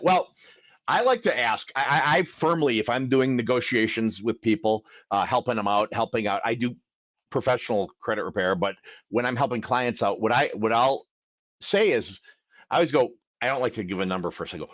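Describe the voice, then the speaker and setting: A man giving casual credit coaching on a live Q&A stream, acting out phone calls as he goes. His pitch swings widely. The audio is dull and dry. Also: normal speed, dry recording. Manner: animated, acts out phone calls.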